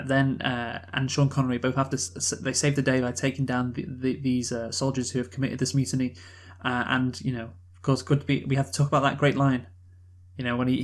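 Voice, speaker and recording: A man co-hosting a film review podcast, talking in a rambling, casual way with many fillers and restarts, swearing now and then. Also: medium pitch. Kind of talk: casual chat.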